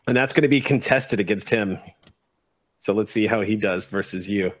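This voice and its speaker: A man's voice: fairly low pitch, moderate pace. A man narrating and running a tabletop role-playing game as game master, in a casual, easygoing way with laughs between the rules.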